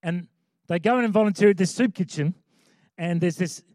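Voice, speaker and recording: Male pastor, high voice, chatty sermon, emphatic repetition, dry close sound. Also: brisk, a little mellow, no room sound. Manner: conversational preaching with emphatic repeated lines.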